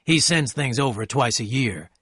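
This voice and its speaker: A man voicing a charming, wealthy young gentleman who speaks with eager courtesy, in an audiobook reading. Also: medium pitch, expressive, normal speed, husky, no echo, studio quality.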